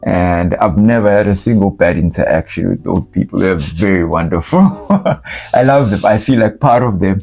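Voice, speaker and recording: A man with a South African accent chatting on a couple's vlog, jokey and quick to laugh. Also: deep voice, creaky, darkish tone, soft background music. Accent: South African English. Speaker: vlogger. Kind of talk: casual chat.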